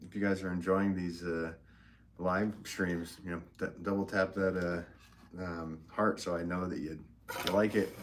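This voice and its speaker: Male potter, very low voice, rambling live-stream host chatting to his viewers over faint ambient noise. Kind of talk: casual live-stream chat while working at the wheel. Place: pottery studio at the wheel.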